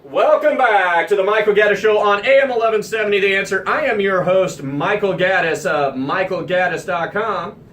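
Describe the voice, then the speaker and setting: A man from the American Midwest hosting a radio talk show, telling an anecdote in an animated, emphatic way. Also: high-pitched, moderate pace, far from the mic. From Midwestern United States.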